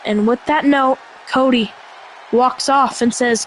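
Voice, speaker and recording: A storyteller narrating a wrestling match play by play, excitable and breathless, shouting sound effects. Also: high voice, slow pace, slight background noise, rough recording.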